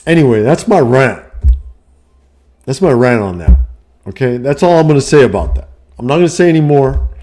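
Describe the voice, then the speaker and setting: A middle-aged man ranting casually on his vlog, profane and heated, swinging from low muttering to shouting. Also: animated, normal speed, pauses often, a little hiss or hum. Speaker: vlogger and life coach.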